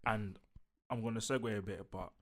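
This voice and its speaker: A man co-hosting a casual podcast, ranting and mimicking people as he talks. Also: on the low side. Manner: animated, rants and mimics wrestlers with quick impressions. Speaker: podcast co-host. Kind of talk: casual chat.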